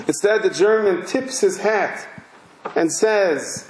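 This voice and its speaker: Male rabbi, higher-pitched, emphatic sermon storyteller, recorded with hall echo. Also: a little mellow, a little hiss or hum. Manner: slow, emphatic, vivid narration.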